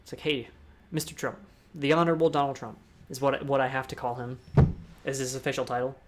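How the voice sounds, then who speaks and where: A man's voice: medium pitch, steady tone, brisk. A young man from the United States giving a casual, rambling talk on public speaking, with restarts and asides. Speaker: discord talk host.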